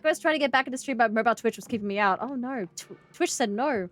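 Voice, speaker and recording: A young Australian woman streaming a horror game and chatting casually with her viewers. She is excitable, thinks out loud, and breaks into loud yelling and laughter. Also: fairly high pitch, fast talker, hardly any pauses, no room sound. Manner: chatty, talks to chat and thinks aloud. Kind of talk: casual live-stream commentary.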